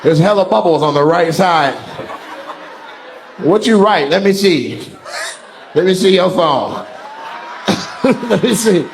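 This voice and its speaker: A man's voice: sits high, lively intonation, takes it slowly, gravelly, long pauses, a little hiss or hum. A male stand-up comedian doing crowd work on stage, brash, profane and teasing. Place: large comedy venue on stage.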